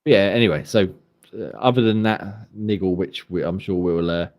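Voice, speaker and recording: Deep-voiced man, rambling. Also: moderate pace, darkish tone. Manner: rambling, swears casually. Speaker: podcast host. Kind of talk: casual chat.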